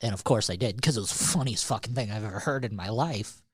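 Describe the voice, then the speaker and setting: A man's voice: lowish voice, quick pace, husky, dry recording, studio quality. A man co-hosting a podcast in casual chat, swearing freely and laughing often as he tells stories. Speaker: podcast co-host.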